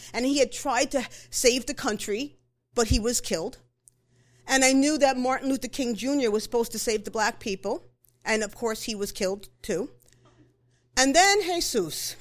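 Animated woman telling a personal story. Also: high voice, moderate pace. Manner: conversational, animated, with fillers and self-corrections.

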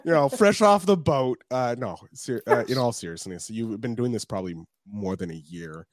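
A man's voice: mid-range voice, animated, moderate pace, dry recording, clean studio sound. A man hosting a podcast in a casual, joking, self-deprecating chat with a guest. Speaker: podcast host.

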